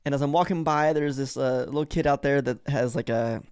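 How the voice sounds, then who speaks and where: A man's voice: medium pitch, a little fast, darkish tone, smooth, dry recording, studio quality. A man co-hosting a podcast, chatting casually and telling rambling stories with frequent laughter. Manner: rambling storyteller, laughs often, acts out voices. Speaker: podcast co-host. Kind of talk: casual chat.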